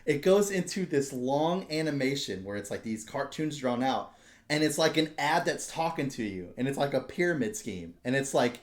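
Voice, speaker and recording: Man, podcast host, casual profane storytelling, mid-pitched voice, roomy echo. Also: lively intonation, moderate pace. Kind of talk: casual chat.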